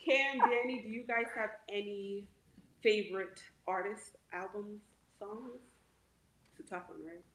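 A woman's voice: mid-range voice, unhurried, fairly bright tone. A woman co-hosting a casual chat, talking chattily with lots of "like" and fillers. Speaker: co-host. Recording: echoey room.

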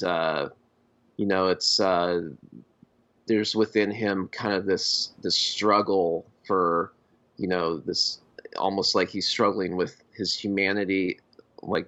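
A man co-hosting a podcast, talking about films in a halting, hesitant way. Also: sits low, fairly bright tone. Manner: halting, full of fillers and restarts. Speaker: podcast co-host. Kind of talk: casual film discussion. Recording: dull lo-fi podcast audio.

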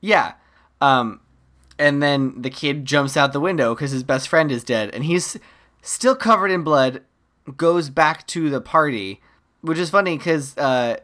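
Wry, animated podcast co-host recapping a film. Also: mid-range voice, a little slow. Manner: animated storyteller, laughing, wry asides. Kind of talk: casual chat recapping a film.

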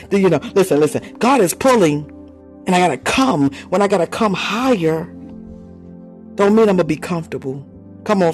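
A woman leading a fervent live prayer, preaching with repeated phrases, bursts of tongues and laughter, calling on listeners by name. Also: fairly low pitch. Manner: impassioned, repetitive, speaks in tongues, laughs between phrases. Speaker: prayer leader.

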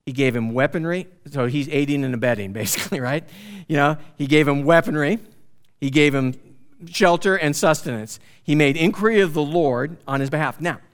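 A man teaching through a Bible passage in a conversational, animated way, often asking his listeners questions. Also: on the high side.

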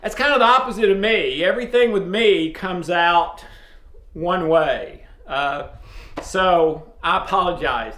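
A man from East Tennessee with a strong Southern accent, casually and loudly addressing viewers as host of a faith video series. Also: sits high, a little slow. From East Tennessee, USA. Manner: loud, speaks up forcefully. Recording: roomy echo.

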